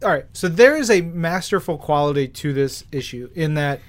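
A podcast co-host with a Long Island or New York accent gushes enthusiastically about comics in casual chat. His voice is fairly high and animated, at a moderate pace.

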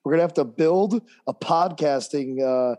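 A man's voice: a little high, normal speed, dark tone. A man co-hosting a podcast, hyped and jokey in casual chat, tossing in slang like bro and sick. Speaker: podcast co-host and strength coach.

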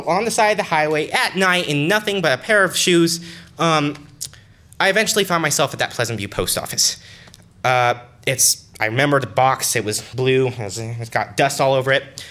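A man's voice: fairly high pitch, expressive, fairly bright tone. Earnest young man telling a story. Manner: earnest, conversational, halting. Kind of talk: personal story told to an audience.

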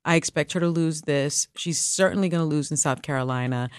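A woman's voice: low voice, clean tone, no echo, clean studio sound. A woman co-hosting a podcast, giving her opinions in an emphatic, casual way. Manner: emphatic, opinionated, quick asides. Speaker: co-host.

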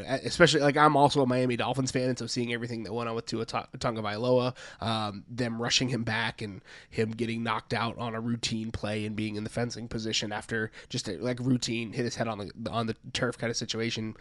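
A man's voice: medium pitch, dry recording. A young man co-hosting a sports podcast, talking earnestly and working himself up to fired-up emphasis. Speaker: podcast co-host. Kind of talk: casual sports podcast chat.

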